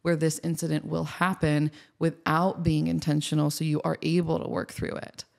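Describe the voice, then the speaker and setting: A woman podcast host who trains dogs, giving practical advice in a steady, explanatory way. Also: low voice, normal speed, vocal fry. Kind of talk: casual podcast conversation.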